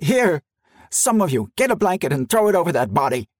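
A man narrating a story puts on an angry middle-aged leader whose high-pitched voice has gone husky, barking orders. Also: big pitch swings, a little fast, darkish tone, no room sound, studio quality. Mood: commanding.

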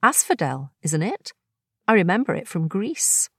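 Brief: woman doing a curious, affectionate female friend, soft, altered tone, slow, dry recording. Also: fairly low pitch, sing-song, breathy edge, no room sound, exaggerated voice.

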